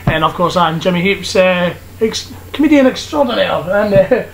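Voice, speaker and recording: A man's voice: sits high, animated, normal speed, creaky, a crowd in the background, poor audio. A young man from Scotland hosting a casual comedy podcast, joking and laughing often with plenty of fillers. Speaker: podcast host.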